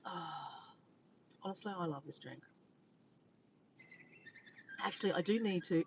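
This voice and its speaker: A woman's voice: fairly low pitch, a little slow, long pauses, a little mellow. A tired Australian woman chatting casually from her car to live viewers, rambling, greeting them by name and correcting herself. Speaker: vlogger livestreaming to viewers. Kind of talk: casual chat to a live audience. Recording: dull lo-fi with faint background noise.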